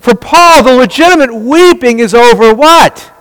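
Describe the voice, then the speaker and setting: A man's voice: extremely high pitch, lively intonation, normal speed, fairly bright tone, clear, resonant tone. Man, bible study teaching, rhetorical questions, repeats himself, long echoing reverb. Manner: rhetorical questions, answered at once; frequent restarts and repeated words.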